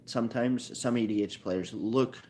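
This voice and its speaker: A man's voice: medium pitch, normal speed, darkish tone, slight background noise. A man talking casually about a card game in a rambling monologue, often correcting himself as he thinks aloud. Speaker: card game video maker.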